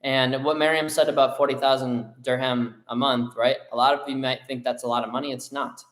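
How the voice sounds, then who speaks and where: A man's voice: mid-range voice, little pitch movement, brisk. A man co-hosting a motivational live show, talking in a firm, driven way and affirming what his co-host says. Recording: echoey room.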